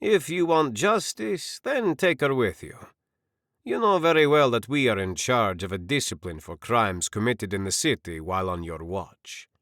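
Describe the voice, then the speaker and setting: A man's voice: mid-range voice, animated, a bit bright, no room sound, clean studio sound. A man playing a stern Roman centurion. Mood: commanding. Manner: firm, commanding, measured. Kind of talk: audiobook character voice.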